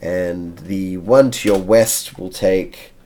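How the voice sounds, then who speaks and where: A male game master narrates a tabletop battle in a measured way, counting out each move. His voice is deep and his pace unhurried. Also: dark tone. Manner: measured, counting out moves step by step.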